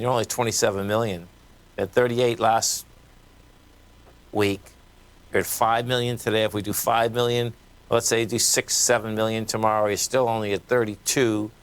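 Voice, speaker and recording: A man's voice: medium pitch, a bit bright, clear, resonant tone. Boston man calling markets on air. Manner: casual, folksy, talks while reading charts. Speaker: radio show host. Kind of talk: live market commentary.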